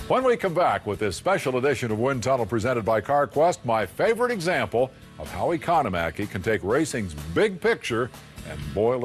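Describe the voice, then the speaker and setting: A man hosting a television interview show, prompting his guest with measured questions. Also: on the low side. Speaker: host. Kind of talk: TV interview and presenting.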